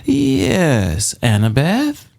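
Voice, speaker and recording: A man's voice: on the high side, wildly swooping pitch, extremely slow, vocal fry, darkish tone, pitched above the performer's own voice, exaggerated voice. A man reading an audiobook, voicing an old female gorgon who coaxes in a purring, soothing tone. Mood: sweetly coaxing. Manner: purring, coaxing.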